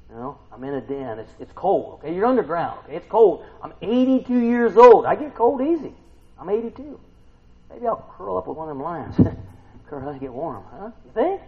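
A man preaching a casual sermon, retelling a scripture story and asking the listeners questions, swinging between loud and soft. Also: mid-range voice, lo-fi sound.

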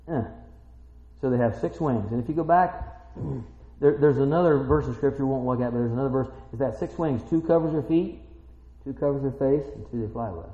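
Shouting, high-pitched preacher in an echoey hall. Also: male voice, a little fast. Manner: swings from low quiet reading to shouted excited praise. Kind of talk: sermon. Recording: echoey hall, dull lo-fi sound.

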